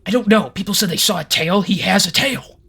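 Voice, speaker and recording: Brief: man doing an irate mayor, raised pitch, sharp and bright, hissing his anger. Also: brisk, husky, full character voice. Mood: exasperated. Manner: whisper-shouting, exasperated. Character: irate middle-aged male town mayor, desperate for family.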